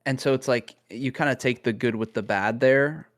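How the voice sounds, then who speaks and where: A man's voice: medium pitch, normal speed. A young man co-hosting a podcast, talking through his thoughts in a casual, thoughtful way with lots of fillers. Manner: thoughtful, many fillers and restarts. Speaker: podcast co-host. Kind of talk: casual chat.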